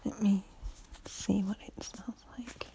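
A woman in a whispered role-play, teasing and flirtatious, often breaking into soft giggles. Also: mid-range voice, fairly even intonation, slow pace, gravelly. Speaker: ASMR performer.

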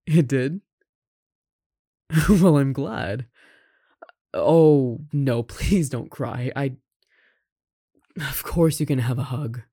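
Casting: a performer playing a tender, caring roommate confessing love, unhurried delivery, dry close sound. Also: medium pitch, breathy edge, no echo, heavily acted. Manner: soft, tender, with gentle laughs and sighs. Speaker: audio roleplay performer. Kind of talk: romantic audio roleplay addressed to the listener.

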